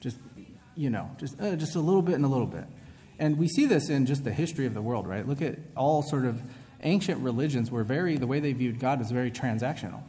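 A man preaching to a congregation in a casual, chatty way, often pausing to ask "right?" and restarting his thoughts. His voice sits at an ordinary middle pitch. It rings out with the long reverb of a big hall. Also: lively intonation, warm tone. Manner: casual, asks "right?" often, self-interrupting. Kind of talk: conversational sermon.

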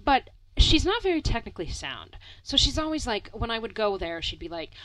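A young woman tells a rambling story in an easy, chatty way, with plenty of filler words and the odd curse. Her voice is bright and swings widely in pitch. The sound is dry and close. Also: brisk, dry recording, poor audio. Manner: animated, many "like" fillers, swears, laughs often. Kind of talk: casual storytelling chat.

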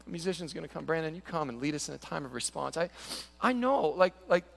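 A male pastor preaching a sermon in an animated, conversational way, often acting out stories. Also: fairly high pitch, quick pace, creaky. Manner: animated, conversational, storytelling with quoted voices.

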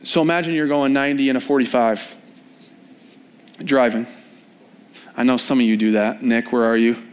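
A young man preaching a conversational sermon at a church service, informal and joking with the congregation, rising at times to animated emphasis. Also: medium pitch, normal speed, clear, resonant tone.

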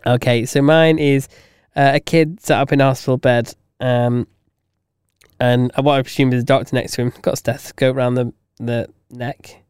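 A man's voice: mid-range voice, level tone, normal speed, darkish tone, smooth, dry recording. Laughing man podcast co-host. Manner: laughs a lot, dry and teasing. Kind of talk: casual chat.

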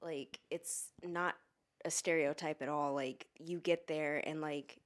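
Young woman rambling loudly, swearing. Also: low-pitched, a little slow. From United States. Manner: rambling, swears a lot, gets loud and animated when arguing. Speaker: podcast co-host. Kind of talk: casual chat while eating hot wings.

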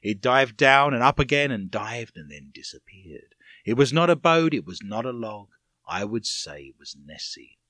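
Animated jokey male quiz host. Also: mid-range voice, moderate pace, dry recording. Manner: jokey, puts on silly voices and scores points. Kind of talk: comic news-story quiz chat.

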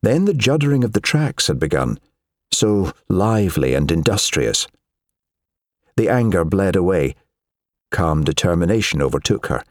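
Man, audiobook narrator, low voice, expressive, dry close recording. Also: moderate pace, dry recording. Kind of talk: scripted narration.

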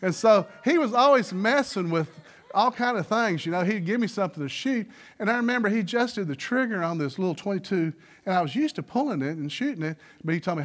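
A man's voice: high-pitched, big pitch swings, moderate pace, fairly bright tone. A middle-aged man preaching a sermon as pastor, telling folksy stories and firing rhetorical questions at the congregation. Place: church sanctuary.

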